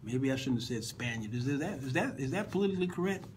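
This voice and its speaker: A man's voice: medium pitch, animated, quick pace, a little hiss or hum, rough recording. Chatty man teaching a Bible lesson. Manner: conversational, repeats and restarts words; playful asides to online listeners. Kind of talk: informal Sunday school teaching.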